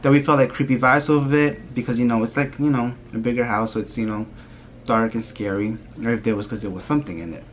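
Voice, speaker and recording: A young man vlogger telling a spooky story in a casual, rambling way, often dropping his voice low and filling with "like". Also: steady tone, fast talker, slight background noise. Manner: rambling, hushed telling with many "like" fillers.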